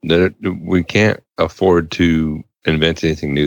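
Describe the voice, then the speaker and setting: Casting: deep, gravelly male podcast co-host with a lively delivery, dry wisecracks. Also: measured pace, no room sound. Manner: dry joking asides. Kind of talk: casual beer podcast chat.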